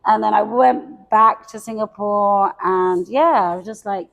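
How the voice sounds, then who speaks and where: A woman's voice: mid-range voice, measured pace, creaky. A middle-aged woman, a guest coach, telling her story in casual, candid chat, self-mocking and lightly swearing.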